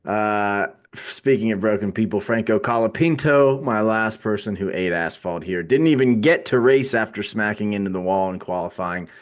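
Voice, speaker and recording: A man's voice: lowish voice, moderate pace, hardly any pauses. A man co-hosting a podcast, chatting casually and joking in a dry, mock-serious way. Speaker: podcast co-host. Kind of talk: casual chat.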